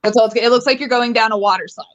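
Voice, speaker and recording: A woman's voice: a little high, racing, highs cut off. Giggly young woman doing stand-up. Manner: giggly, rambling, self-amused. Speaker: stand-up comic. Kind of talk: casual stand-up riffing. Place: home. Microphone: phone.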